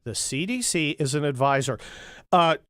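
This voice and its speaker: A man's voice: fairly high pitch, animated, moderate pace, a bit bright, no room sound. A middle-aged man hosting a talk radio show, delivering a sarcastic, mocking monologue into a studio microphone. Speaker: radio host.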